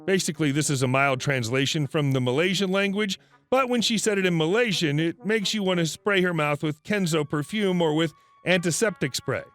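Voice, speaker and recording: A man's voice: on the high side, fairly quick, a bit bright, soft background music. A man reading a first-person story aloud as a scripted narration.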